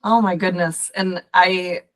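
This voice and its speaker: A woman's voice: lowish voice, little pitch movement, unhurried. A woman hosting a podcast as a coach, talking casually and encouraging her listeners directly.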